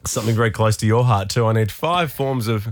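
A man with an Australian accent hosting breakfast radio, teasing his co-hosts and running a quick-fire quiz. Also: on the low side, background noise. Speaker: radio host. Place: radio studio.

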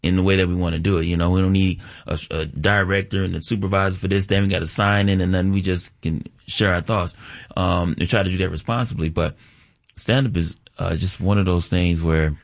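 A man, a comedian and actor chatting as a guest in a casual radio interview, animated and playful. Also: sits low, fairly quick, creaky. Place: college radio studio.

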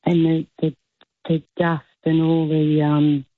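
A woman's voice: low voice, completely flat delivery, slow pace, dry recording. A woman calling in to a radio show, telling a story in a chatty, emotional way. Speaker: caller. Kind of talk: phone-in call to radio. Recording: tinny phone line.

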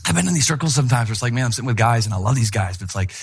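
A middle-aged male pastor preaching a sermon with animated storytelling, acting out voices in his anecdotes. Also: mid-range voice, racing, vocal fry, husky.

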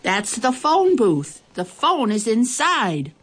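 A woman's voice: on the low side, very animated, fairly quick, gravelly, breathy edge, exaggerated voice. Woman playing an eager little girl. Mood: shouting. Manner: shouting, helpful.

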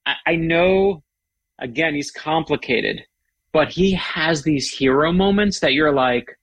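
A man's voice: a little high, a little slow, breathy edge, no room sound. A middle-aged man, a guest author, chatting with enthusiasm and telling stories. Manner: enthusiastic, animated storyteller. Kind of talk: casual chat.

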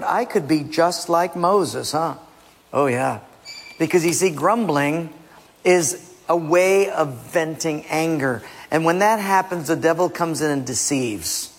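A male pastor preaches a sermon in a large church hall, animated and playful, quizzing his listeners. His voice is gravelly and husky, pitched slightly high. Long reverb trails every phrase.

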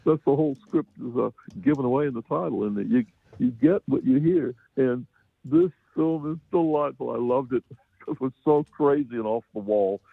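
A man's voice: mid-range voice, brisk, creaky, no echo. American man reviewing films over a phone line. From United States. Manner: rambling, chuckling, many restarts. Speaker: film reviewer. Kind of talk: casual radio film review. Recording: dry phone-line sound.

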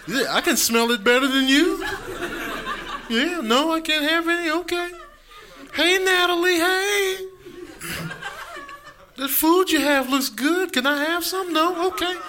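A man's voice: very high voice, unhurried, long pauses, noisy background, pitched above the performer's own voice. A man voicing an eager, hungry pet dog that wheedles and begs at the dinner table. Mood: pleading. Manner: wheedling, hopeful, whiny.

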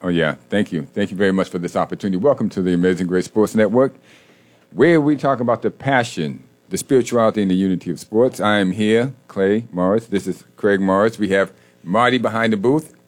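A man co-hosting a faith-based sports radio show, chatty and jokey and quick to laugh, talking in a studio. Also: fairly low pitch. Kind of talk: casual radio chat and scripture reflection.

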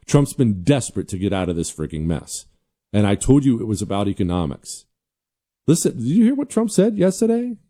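A man's voice: fairly low pitch, sing-song, a little fast, warm tone. A man hosting a political commentary show, giving a combative, emphatic monologue and repeating his points. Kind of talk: opinionated monologue.

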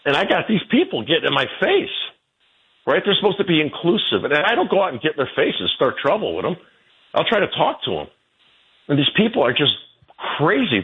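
A man in his sixties, a guest telling stories in a rambling way, his pitch jumping about as he goes. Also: breathy edge. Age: 60s. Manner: rambling storyteller, jumping pitch, laughs between. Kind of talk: casual interview talk. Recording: tinny phone line.

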